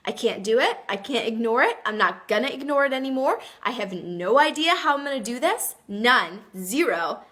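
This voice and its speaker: Bright-voiced earnest woman host. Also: a little high, lively intonation, normal speed, few pauses. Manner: earnest, emphatic, reads viewer comments aloud. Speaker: live stream host. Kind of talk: motivational live video chat.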